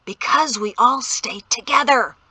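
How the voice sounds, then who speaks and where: A woman voicing a stern, worried middle-aged father who keeps his voice low and tense, often close to a whisper. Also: a little slow, pushed and bright, slightly rough, no room sound, heavily acted. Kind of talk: audiobook character reading.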